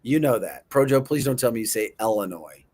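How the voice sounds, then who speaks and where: A man's voice: medium pitch, animated, fairly quick, a little mellow, husky. A middle-aged man hosting a casual chat show, playful, repeating words in mock pronunciations and chuckling often. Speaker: show host.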